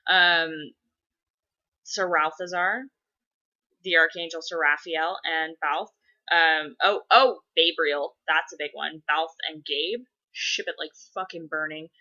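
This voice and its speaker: A young woman rambles through fandom chatter in a low, bright-edged voice, swearing freely and giggling between thoughts. She talks casually to the camera from home, recorded through a dull, lo-fi webcam mic. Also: steady tone, takes it slowly. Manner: chatty, profane, giggly fan talk. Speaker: vlogger answering inbox questions.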